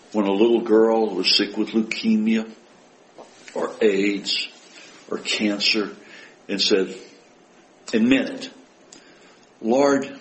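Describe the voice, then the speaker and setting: Preaching to his flock in a voice on the low side, this man speaks with emphasis, posing rhetorical questions and building force as he quotes scripture. His tone falls to a hushed murmur for sincere prayers, and the audio is poor.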